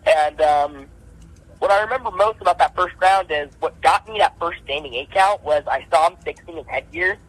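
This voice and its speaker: A man's voice: moderate pace, breathy edge, rough recording. A young man, an amateur boxer, telling his story in casual podcast chat, acting out his punches with repeated sound effects. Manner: animated, acts out punches with repeated "boom".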